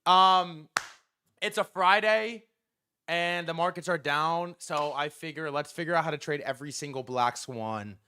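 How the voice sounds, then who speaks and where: A young man hosting a casual livestream about markets, talking in an excitable, profane and rambling way with lots of fillers. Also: fairly high pitch, a little slow, smooth. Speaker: livestream host.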